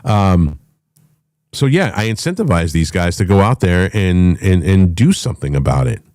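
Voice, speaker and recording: A middle-aged man hosting a talk show, ranting with loud, profane, emphatic delivery and a voice that swings up and down. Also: low voice, big pitch swings, normal speed, no room sound, clean studio sound. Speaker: podcast host.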